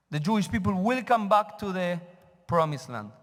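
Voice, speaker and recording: A man's voice: sits high, lively intonation, normal speed. A man, teaching a sermon as a rabbi and questioning his congregation. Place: synagogue sanctuary. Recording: reverberant sanctuary.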